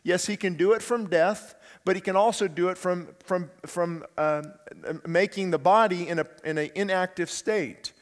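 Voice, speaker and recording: A man preaching in a church hall, his fairly high voice carrying a long reverb tail. He speaks as a pastor in an earnest, conversational way, often putting rhetorical questions to the congregation. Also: moderate pace. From California, USA. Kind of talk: sermon. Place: church sanctuary.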